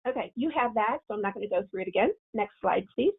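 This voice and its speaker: Gravelly woman on a tinny call. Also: medium pitch, animated, fast. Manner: explains with example scripts, repeats and restarts phrases. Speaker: webinar presenter on parenting. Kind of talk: webinar talk. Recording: phone-like remote audio.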